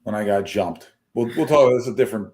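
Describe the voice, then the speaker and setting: Man, lively pitch, jokey panel regular, video call. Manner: joking, quick asides. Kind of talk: casual panel chat.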